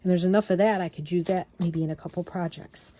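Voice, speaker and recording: A woman vlogger showing off craft papers and fabrics in a gushing, excitable, casual chat, often trailing off and restarting. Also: on the low side, fast talker. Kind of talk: casual show-and-tell chat.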